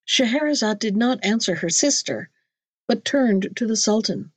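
A woman narrating a classic storybook in a measured, clear reading voice. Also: on the high side, expressive, no echo. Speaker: audiobook narrator.

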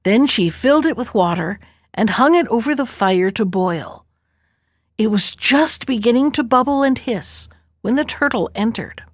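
Expressive woman reading a folk tale. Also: on the high side, normal speed, dry recording, studio quality. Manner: expressive storybook narration. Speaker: storyteller.

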